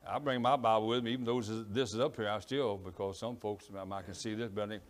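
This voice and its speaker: Cajun male preacher, strong low voice, rambling and apologetic delivery. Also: steady tone, fast talker. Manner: rambling, self-apologetic, stumbles over words. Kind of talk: sermon. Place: church in East Texas.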